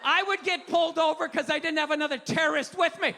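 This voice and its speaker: A man performing stand-up comedy, ranting with profanity and loud outbursts. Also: extremely high pitch, fairly even intonation, fast talker, very noisy. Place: comedy venue stage. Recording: live show in a large hall with audience.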